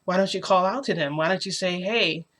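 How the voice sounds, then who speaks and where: A woman's voice: fairly low pitch, a little fast, a bit bright, lightly acted. A woman voicing a frightened young man who has been infected, pleading and shaken as she retells a story. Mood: uneasy.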